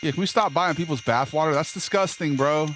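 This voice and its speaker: A young streamer with a fairly high, brisk voice talks to chat while he plays, cracking jokes and using plenty of slang. Game music runs underneath this casual live-stream banter.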